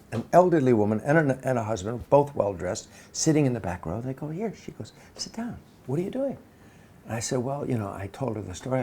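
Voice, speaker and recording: Man, gravelly voice, lively swooping delivery, storytelling, faint background hiss. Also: medium pitch. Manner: animated, acts out voices in his story. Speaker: interviewee. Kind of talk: storytelling anecdote.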